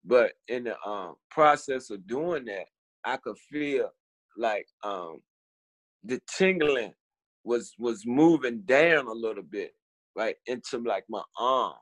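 A man's voice: mid-range voice, lively intonation, dry recording. Man from telling his story. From Richmond, Virginia. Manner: halting, repeats words, acts out quoted voices. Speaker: guest. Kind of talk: storytelling interview.

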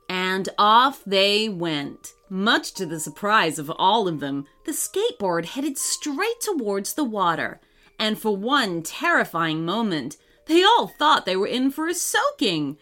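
A woman narrating a children's story in a gentle, expressive reading manner. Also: medium pitch, slow pace. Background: faint music.

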